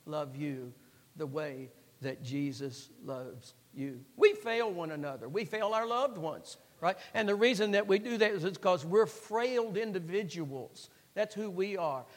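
A man's voice: high voice, lively intonation, unhurried. A man preaching a sermon in an earnest, repetitive way, leaning hard on the key words. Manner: earnest, repetitive, rising to emphatic stresses. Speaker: pastor. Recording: long hall reverb.

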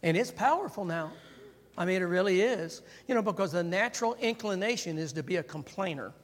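A man's voice: high voice, fairly quick. A man preaching a sermon in a conversational way, checking in with "right?" and calling on the congregation to answer. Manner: animated, calls for congregation response. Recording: long hall reverb.

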